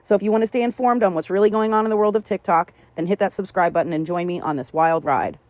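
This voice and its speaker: A synthetic narrator reads a scripted channel welcome in an upbeat, promotional tone. The voice is mid-pitched and recorded completely dry, with no room sound at all. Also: fast, darkish tone, no room sound.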